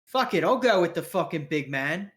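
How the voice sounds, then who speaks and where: A man's voice: a little high, expressive, moderate pace, fairly bright tone. A man voicing a brash, crude male gangster with metal teeth who swears and wheedles.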